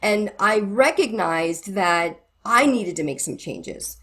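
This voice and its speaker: A woman's voice: mid-range voice, slow pace. A middle-aged woman, a guest who ministers to married couples, telling stories in a conversational interview and acting out the conversations she quotes. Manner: animated, acts out quoted conversations.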